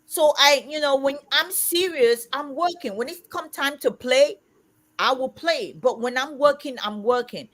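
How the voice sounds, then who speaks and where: A woman in her fifties hosting a casual livestream chat, talking loudly and emphatically. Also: high-pitched, a little slow. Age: 50s. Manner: loud, emphatic and outspoken. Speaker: livestream host.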